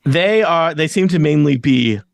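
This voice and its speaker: Gravel-voiced man running a tabletop game. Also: fairly high pitch, moderate pace, no echo. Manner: relaxed, chuckling, loose improvised narration. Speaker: game master.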